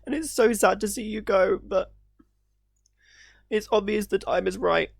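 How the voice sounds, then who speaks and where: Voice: mid-range voice, a little slow, gravelly, slightly rough, no room sound, studio quality. A YouTube creator reacting to a video, teary and emotional, speaking in an earnest, gushing way and stumbling over words.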